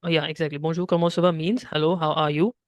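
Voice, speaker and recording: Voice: mid-range voice, level tone, quick pace, dry recording, clean studio sound. A French teacher giving a one-on-one beginner lesson, explaining patiently step by step and checking in often.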